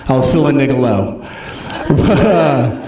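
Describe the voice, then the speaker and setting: A man performing a stand-up comedy set, telling animated stories and acting out the people in them. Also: medium pitch, a little slow. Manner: animated storytelling, acts out characters. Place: comedy club stage. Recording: echoey club from far off.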